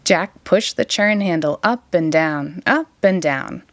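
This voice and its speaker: A woman reading a children's picture book aloud in an expressive, sing-song way. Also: fairly low pitch, slow pace, no echo. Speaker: storytime reader.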